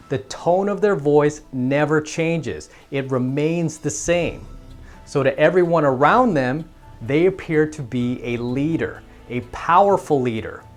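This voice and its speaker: A man coaching other men on confidence, giving an instructional talk in a calm, steady and assertive way. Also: a little high. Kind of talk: instructional monologue to camera.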